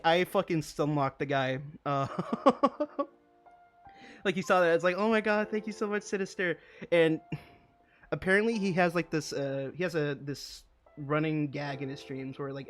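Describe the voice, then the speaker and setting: A young man streaming while he builds models, telling a long funny story in casual chat, laughing and swearing often. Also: on the high side.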